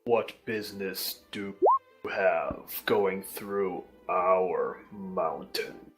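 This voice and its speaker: A man putting on a hulking giant who speaks in a deep, dragging rumble, low and menacing, in chopped, broken English. Faint music plays underneath this tabletop game. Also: extremely slow, fairly bright tone, exaggerated voice. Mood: gruff. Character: huge slow-witted male giant, gruff and menacing.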